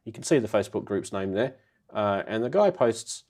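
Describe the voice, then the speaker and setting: A man's voice: lowish voice, lively intonation, moderate pace, a little mellow. Nasal-sounding man with a cold. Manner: chatty, laughs often, greets viewers by name. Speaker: host of a live synth show. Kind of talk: casual live-stream chat.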